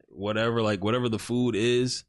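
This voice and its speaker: A man co-hosting a casual podcast, telling stories in a loose, rambling way and often laughing at his own slips. His voice sits at an ordinary middle pitch. It is recorded dry and close, with no room sound. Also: fairly even intonation, moderate pace, no room sound. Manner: laid-back, rambling storyteller, laughs at himself. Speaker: podcast co-host.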